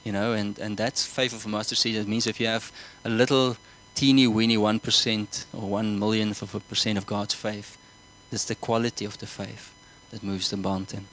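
A man's voice: lowish voice, flat delivery, moderate pace, few pauses, a bit bright, poor audio. A man preaching a sermon, earnest, often repeating words and asking the congregation whether they follow. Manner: earnest, repeats himself, asks the congregation questions.

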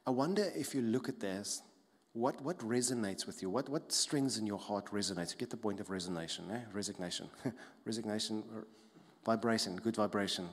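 A man, a pastor preaching a sermon in an animated, conversational way, often tagging questions onto his points. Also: fairly low pitch, brisk. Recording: long hall reverb.

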